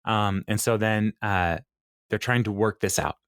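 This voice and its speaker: Lively opinionated man recapping, deep voice. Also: clear, resonant tone, no echo, studio quality. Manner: opinionated, animated recapping with quick asides. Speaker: podcast co-host recapping an episode. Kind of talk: casual chat.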